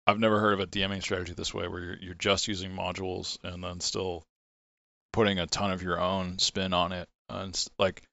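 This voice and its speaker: A man hosting a podcast, relaxed and asking his guest follow-up questions. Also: deep voice, a little fast, vocal fry, no room sound, lo-fi sound. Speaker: podcast host. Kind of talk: casual podcast interview.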